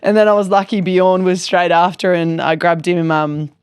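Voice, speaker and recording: A woman hosting a podcast, telling stories in a lively, self-deprecating way and acting out what people said. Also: lowish voice, moderate pace, clear, resonant tone, no room sound, studio quality. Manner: animated, self-deprecating, acts out quotes. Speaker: podcast host. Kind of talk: casual chat, storytelling.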